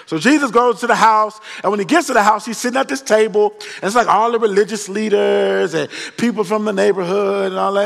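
Gravelly high-voiced joking preacher man. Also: moderate pace. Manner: joking, slangy, animated retelling. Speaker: pastor. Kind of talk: storytelling sermon. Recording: long reverb of a large hall.

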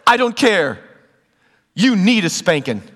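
A man's voice: high voice, big pitch swings, slow pace, fairly bright tone, heavily acted. Preacher doing prim know-it-all boy, lectures like a little professor, big hall echo. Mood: smug. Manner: sanctimonious, lecturing. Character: prim preachy ten-year-old older brother. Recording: long hall reverb.

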